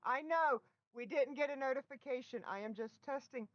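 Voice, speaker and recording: A woman's voice: sits high, normal speed, no echo, muffled recording. A middle-aged woman hosting a casual live stream from home, chatting with viewers and often breaking into laughter, recorded on a laptop mic. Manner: giggly, bursts of laughter. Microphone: built-in laptop microphone.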